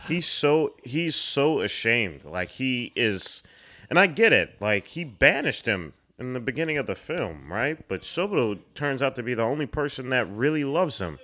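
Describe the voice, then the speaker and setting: A young man hosting a casual film reaction, excitable and slangy, calling out at the screen. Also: medium pitch, normal speed, a little hiss or hum.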